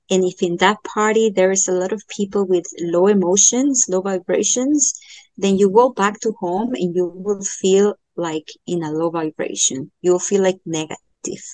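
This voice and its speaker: Slow-talking woman with dry close sound. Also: on the low side, a little mellow, dry recording. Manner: slow, thoughtful, many fillers and restarts. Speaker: astrologer giving a chart reading. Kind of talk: podcast interview, explaining.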